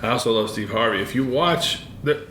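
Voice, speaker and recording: A man's voice: mid-range voice, fairly quick, sharp tone. A man hosting a podcast, telling loose, profane stories in casual chat. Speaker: podcast host. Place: tattoo shop studio. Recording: roomy echo, faint background hiss.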